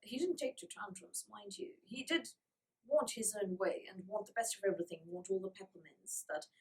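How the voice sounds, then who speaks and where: A woman's voice: mid-range voice, normal speed, far from the mic, rough recording. A woman reviewing old children's books in a casual, wry manner, reading passages aloud between comments. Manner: wry, lightly sarcastic. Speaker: book reviewer.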